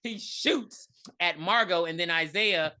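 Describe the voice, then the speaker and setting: Her voice is somewhat low and bright as she co-hosts a casual podcast, recapping the story in animated, slangy talk without hurrying. She keeps jumping into other people's lines and laughing along the way.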